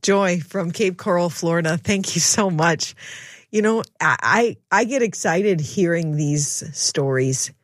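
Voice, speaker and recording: Woman radio host, lowish voice, encouraging, dry studio sound. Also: measured pace, no echo. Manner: warm-hearted, encouraging, faith-centered. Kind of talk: call-in radio hosting.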